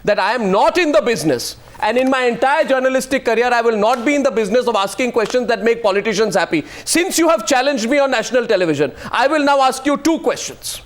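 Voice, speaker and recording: A man's voice: extremely high pitch, expressive, fast talker, hardly any pauses. A man moderating a heated TV debate, insistently cutting in and repeating his questions.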